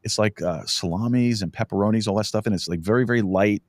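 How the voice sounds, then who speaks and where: A middle-aged man hosting a podcast, chatting casually and telling stories with lots of halting restarts. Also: lowish voice, darkish tone, no echo, clean studio sound. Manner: rambling, halting storyteller with many restarts. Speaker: podcast host. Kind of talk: casual chat. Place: podcast studio.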